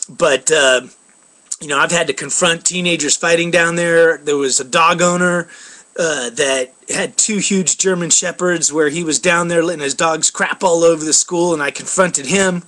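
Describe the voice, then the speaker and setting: High-voiced man telling a rambling story. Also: fairly even intonation, normal speed, sharp tone. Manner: rambling with many fillers. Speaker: vlogger. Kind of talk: casual storytelling vlog.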